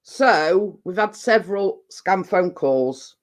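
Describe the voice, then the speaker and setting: Lady vlogging, slow and rambly, lots of ums and restarts, middle-aged. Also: fairly low pitch, animated. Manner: rambling, chatty storytelling with many fillers and restarts. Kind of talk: casual chat.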